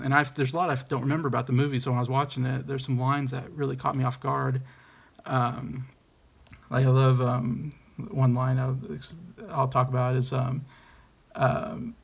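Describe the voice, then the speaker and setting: A man's voice: mid-range voice, creaky. A man giving a casual, enthusiastic movie review, hesitant and rambling with many ums and restarts.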